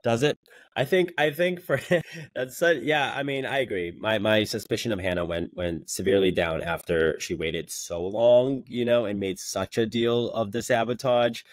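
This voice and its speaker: A man's voice: mid-range voice, moderate pace, no echo. A young man, a co-host, chatting casually and recapping a show with lots of fillers. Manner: loose, filler-heavy recap talk. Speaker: co-host, former contestant. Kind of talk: casual chat.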